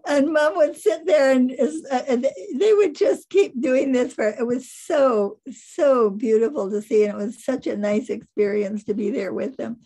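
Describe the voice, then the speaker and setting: An older woman casually telling stories over a slide show, animated, often laughing and trailing off mid-sentence. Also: a little high, moderate pace, hardly any pauses. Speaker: animal trainer presenting photos.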